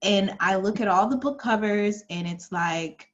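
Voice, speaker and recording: A woman's voice: mid-range voice, a little slow. A woman interviewing an author, speaking frankly and conversationally, laughing easily. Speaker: interviewer, host. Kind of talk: casual interview chat. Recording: dull lo-fi sound.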